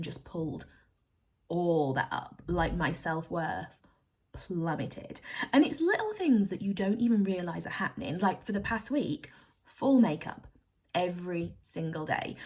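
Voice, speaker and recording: A woman's voice: lowish voice, breathy edge. A young woman talking candidly to camera in an emotional, rambling, confessional vlog. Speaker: bullet journal vlogger. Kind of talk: candid personal talk to camera.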